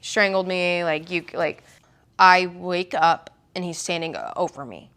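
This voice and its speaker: A woman's voice: on the low side, steady tone, measured pace, a bit bright, smooth. A young woman from Oklahoma telling her story in an interview, rambling and full of "like" and quoted dialogue.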